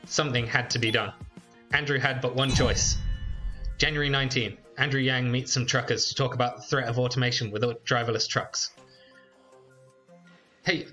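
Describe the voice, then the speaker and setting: A man giving casual let's play commentary on a video game, chatty and relaxed, with frequent fillers. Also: mid-range voice. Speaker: YouTuber playing a game.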